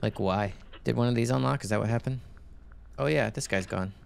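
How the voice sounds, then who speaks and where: Playing a horror game, a man offers rambling, casual let's-play commentary, reads on-screen text aloud and curses when something startles him. He has a gravelly, medium-pitched voice and talks briskly, with slight background noise.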